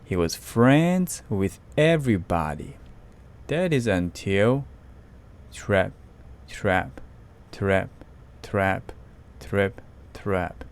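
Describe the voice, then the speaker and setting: Slow, low-voiced male storyteller. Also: animated, clear, resonant tone. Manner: slow, careful reading with sound effects. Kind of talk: reading a picture book aloud.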